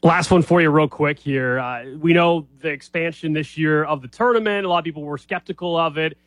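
A man co-hosts a casual sports podcast and asks brisk, conversational questions. His voice is fairly high, and the recording is dry and close. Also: a bit bright, no room sound, poor audio. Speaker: podcast co-host.

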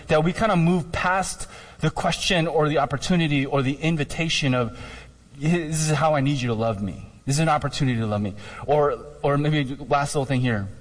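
A man giving a casual, emphatic sermon as a pastor, talking conversationally with lots of fillers. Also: on the high side. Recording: reverberant hall.

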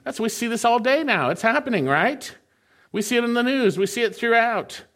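A man preaching a sermon, reading scripture slowly and then explaining it in a conversational way. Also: very high voice, animated, fairly bright tone. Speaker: pastor.

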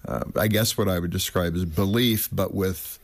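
A man hosting an interview, asking relaxed, probing questions of his guests. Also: low voice, moderate pace, creaky. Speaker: interview host. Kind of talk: radio-style interview.

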